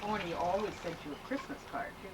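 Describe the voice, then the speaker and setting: A woman chatting casually with friends, chiming in with quick remarks. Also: lowish voice, lively intonation. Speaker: police department staff. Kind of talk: casual chat among friends. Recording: noisy home recording.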